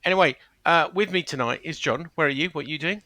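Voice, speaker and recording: Bright-voiced guy hosting a chatty podcast, trips over his words a lot, dry close sound. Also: on the high side, fast, no echo. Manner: jokey, stumbling over words. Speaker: podcast host. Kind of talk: casual chat.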